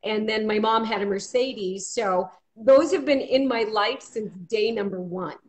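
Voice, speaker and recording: A woman's voice: medium pitch, a little slow. A woman being interviewed as a guest, telling personal stories in a chatty, upbeat way over a video call. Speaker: guest, marketing company president. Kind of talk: casual interview storytelling. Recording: dull lo-fi call audio, faint noise.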